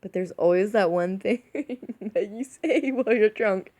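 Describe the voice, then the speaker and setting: A woman's voice: mid-range voice, normal speed, darkish tone. A tipsy woman vlogging in a casual, rambling way, giggling often between her words. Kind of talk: casual rambling chat to camera.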